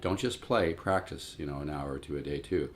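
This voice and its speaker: A man's voice: extremely low pitch, brisk. A man in his sixties giving a casual, rambling guitar lesson and calling his viewers "folks". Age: 60s. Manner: rambling, repeats words, addresses "folks". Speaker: guitar teacher. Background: acoustic guitar playing.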